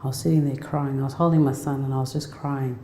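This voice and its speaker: A woman in her forties speaks as a guest speaker, heartfelt and conversational, often restarting her sentences. Her voice is very dark and mellow. A long, echoey reverb from the lecture hall surrounds her. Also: a bass voice, little pitch movement, fast talker, slight background noise. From Australia. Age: 40s. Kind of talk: personal storytelling talk.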